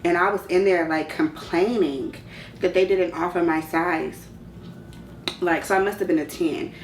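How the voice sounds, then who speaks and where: A woman's voice: on the low side, measured pace, reverberant, far from the mic, a little hiss or hum, low-quality recording. A woman in her thirties from California, talking candidly and casually to camera in a slangy Q&A vlog. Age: 30s. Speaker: vlogger. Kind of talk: casual Q&A chat.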